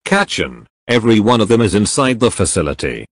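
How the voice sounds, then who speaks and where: A man voicing a cheerful, gentle young male hero who teases and giggles, in a fan audio drama reading. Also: fairly low pitch, big pitch swings, brisk, dry recording. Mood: playful. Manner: giggly, teasing, apologetic.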